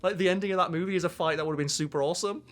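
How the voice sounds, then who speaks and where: A man's voice: high voice, racing, soft background music. A man co-hosting a podcast, riffing and joking profanely in casual chat. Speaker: podcast co-host.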